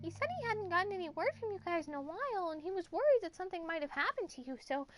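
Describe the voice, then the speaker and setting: Paimon, squeaky fairy companion. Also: female voice, expressive, fast. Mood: puzzled. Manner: speaks of herself in third person. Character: tiny floating female fairy companion, chirpy and proud. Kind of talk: game voice acting. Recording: game audio with loud music behind. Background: game music.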